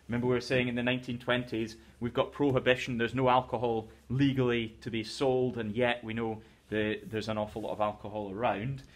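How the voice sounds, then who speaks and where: A man's voice: medium pitch, fairly bright tone. A man who teaches English, reading a novel aloud to his class and explaining it in a conversational way. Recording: teacher's recorded lesson video.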